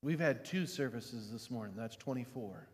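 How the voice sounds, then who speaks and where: In a large hall, a man preaches at a moderate pace, his sermon swinging from quiet, low-voiced reflection up to loud, forceful emphasis.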